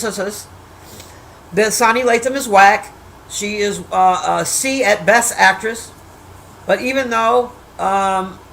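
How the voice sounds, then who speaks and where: Bright-voiced foul-mouthed woman streamer. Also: on the high side, a little hiss or hum, rough recording. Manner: profane, blunt trash-talking, teasing the chat; rambling with restarts and drawn-out asides. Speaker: livestreamer reviewing a movie. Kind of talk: casual livestream chat.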